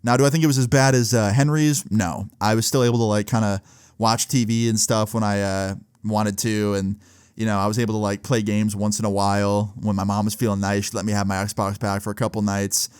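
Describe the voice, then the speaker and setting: A man's voice: fairly low pitch, little pitch movement, a little fast, clean tone, no echo, clean studio sound. A young man casually telling a story from his teens, laid-back and loose, full of "like" and swearing. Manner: laid-back, filler-heavy with frequent "like" and swearing. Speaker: vlogger.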